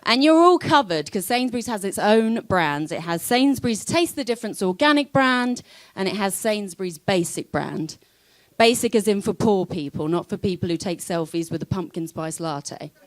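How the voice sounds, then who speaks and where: A woman's voice: medium pitch, animated, normal speed, no echo. A young woman from London with a London accent, performing a wry, self-deprecating stand-up comedy set. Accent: London English. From London, England.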